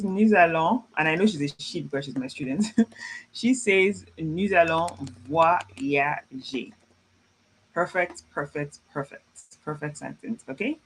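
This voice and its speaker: A chatty teacher leads a live online language class, reading out students' messages and encouraging them. French phrases are repeated slowly and carefully, with frequent easy laughter between corrections. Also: medium pitch, a little hiss or hum. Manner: chatty and informal, laughs often.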